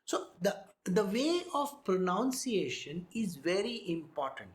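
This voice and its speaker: A man giving a spiritual discourse, speaking slowly, sounding out words and often checking whether listeners follow. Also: high-pitched, very animated, reverberant. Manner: slow, demonstrates pronunciation, asks listeners if they follow. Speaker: spiritual teacher.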